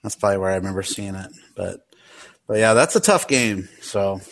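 A man hosting a casual podcast chat over a video call, talking in halting, searching bursts. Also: low-pitched, creaky. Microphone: video call mic.

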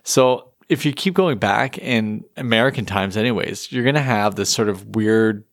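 A man's voice: on the low side, moderate pace, dry recording, studio quality. A man co-hosting a casual podcast about an old Christmas song, chatty and joking. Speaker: podcast co-host. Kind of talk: casual chat.

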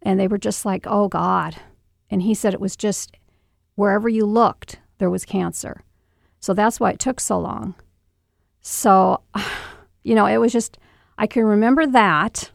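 A middle-aged mother in an interview, recounting a painful memory in a halting, emotional way with many restarts. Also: mid-range voice, steady tone, gravelly, dry recording, clean studio sound. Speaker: guest, mother. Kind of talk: personal storytelling interview.

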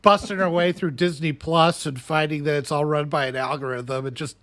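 A man's voice: fairly high pitch, steady tone, normal speed, fairly bright tone. A man in a casual podcast chat, dry and sarcastic.

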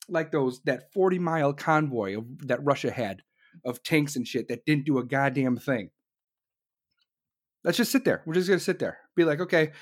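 A commentator delivering an angry, blunt political rant full of swearing. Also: mid-range voice.

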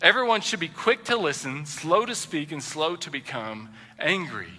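Animated pastor preaching in a reverberant hall. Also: male voice, a little high, moderate pace. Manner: animated, acts out quoted voices. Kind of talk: sermon. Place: church sanctuary.

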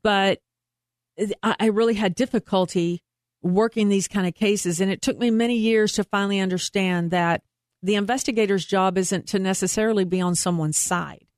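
Woman investigator on an interview, earnest and emphatic, mid pitch, dry sound. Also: normal speed, a little mellow, no echo. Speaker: private investigator and guest. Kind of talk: interview conversation.

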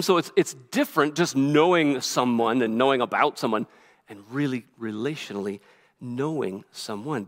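A male pastor preaching a sermon quickly and earnestly, often restarting his phrases. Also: mid-range voice. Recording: reverberant hall.

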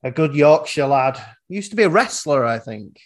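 A man's voice: a little high, expressive, moderate pace. A male podcast host in casual film chat, who rambles and retells scenes.

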